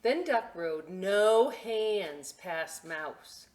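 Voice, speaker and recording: A woman reads a children's picture book aloud at a library storytime, pausing for chatty asides about the pictures. Her voice is on the low side but swings widely in pitch, and she takes her time. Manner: slow, expressive, chatty asides to kids.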